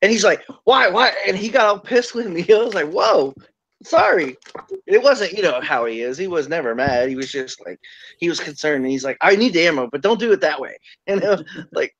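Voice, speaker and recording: High-voiced man, animated storyteller, casual online chat, muffled lo-fi audio. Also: a little fast, no room sound. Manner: animated storyteller, quotes others with raised pitch. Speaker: chat participant sharing memories.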